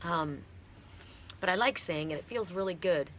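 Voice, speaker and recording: A middle-aged woman from Canada giving a heartfelt, halting oracle card reading on a live stream. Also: on the low side, a bit bright.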